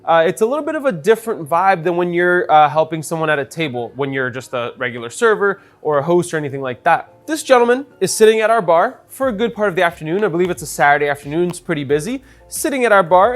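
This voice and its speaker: A young man, a bartender telling a story in a casual, animated way while making a cocktail. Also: a little high, fast, hardly any pauses. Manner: chatty, animated storyteller with many fillers.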